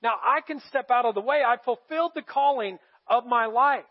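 A pastor voicing an earnest humble prophet. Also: male voice, extremely high pitch, normal speed, dull audio. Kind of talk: acted quotes in a sermon.

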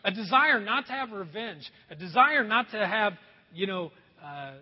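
A man preaches a sermon to his church, his voice high and a little husky. He slips into playful put-on voices to make his points. The sound is muffled and rings with the long echo of a large hall. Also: normal speed. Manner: animated, acts out voices for laughs. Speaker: pastor. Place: church sanctuary. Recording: echoey hall, dull sound.

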